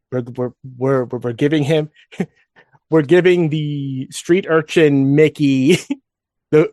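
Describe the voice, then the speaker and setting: A man's voice: mid-range voice, a little mellow, no echo, clean studio sound. A man co-hosting a casual fan podcast, rambling with frequent restarts and asides. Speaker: podcast co-host.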